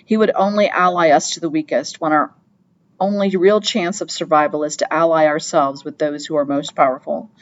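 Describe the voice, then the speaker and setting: A woman's voice: low-pitched, fairly even intonation, normal speed, lo-fi sound, lightly acted. A woman reading an audiobook, voicing a cold young male royal traitor who speaks coldly. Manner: cold with a slight tremor.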